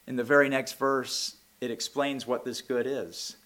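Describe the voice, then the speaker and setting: Male pastor, sermon delivery; bright forward tone, swings from conversational to impassioned. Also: medium pitch, animated, normal speed, hardly any pauses. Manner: preaching, rising to loud impassioned peaks; reads scripture aloud in King James wording.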